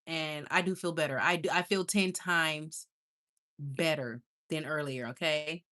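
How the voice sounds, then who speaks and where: A woman's voice: low-pitched, steady tone, unhurried, pushed and bright. A woman hosting a casual livestream, chatty and affectionate, laughing often. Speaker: livestream host.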